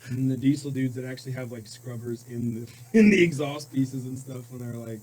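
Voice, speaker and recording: A man on a casual podcast who chimes in with quick reactions and laughs along. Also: mid-range voice, steady tone, a little mellow, low-quality recording. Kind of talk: casual chat.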